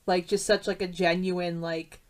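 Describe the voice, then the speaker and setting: A woman's voice: fairly low pitch, flat delivery, measured pace. A young woman co-hosting a podcast, talking heartfelt and rambling, with lots of "like". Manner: heartfelt, rambling, heavy use of "like". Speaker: podcast co-host. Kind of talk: casual chat.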